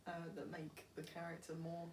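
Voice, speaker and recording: A young woman in casual conversation, dry and teasing, quick to laugh. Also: fairly low pitch, completely flat delivery, darkish tone. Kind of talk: casual chat. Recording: roomy, distant mic, faint noise.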